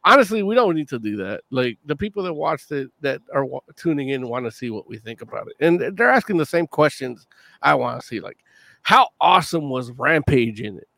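A man's voice: medium pitch, big pitch swings, fairly quick, gravelly, pushed and bright, no room sound. A man co-hosting a fan talk show in casual chat, joking, swearing freely and laughing often. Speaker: co-host of a call-in fan show.

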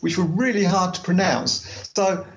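A man with a fairly high speaking voice chats on a podcast. He is animated and laughs easily. When he reads aloud he slows into a careful, measured delivery. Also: lo-fi sound. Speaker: podcast co-host and travel author. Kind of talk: casual podcast chat.

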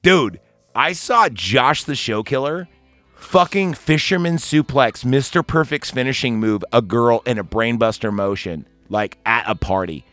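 A man's voice: mid-range voice, expressive, measured pace, sharp tone, dry recording, soft background music. Rambling, swearing man chatting about a film. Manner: rambling, swears often, laughs easily. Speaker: podcast host. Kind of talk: casual film chat.

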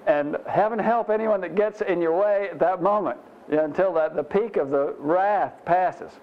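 A man teaches scripture in a relaxed, folksy sermon, dropping "you know" asides and poking fun at himself. His voice sits a little high for a man. The recording is dull and muffled. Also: moderate pace. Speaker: pastor. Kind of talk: conversational Bible teaching sermon.

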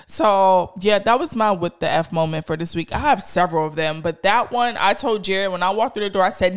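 A woman podcast host, telling stories in slangy, animated casual chat. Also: medium pitch, fairly quick, few pauses, clean tone. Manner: animated storyteller, slangy, laughs.

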